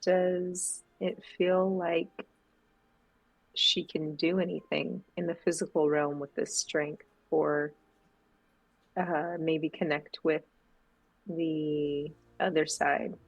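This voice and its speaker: Woman, tabletop player, husky voice, gravelly fry, dry close sound, faint music behind. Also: deep voice, no room sound, low-quality recording. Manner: chatty, excitable, halting with fillers. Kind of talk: tabletop role-play chat.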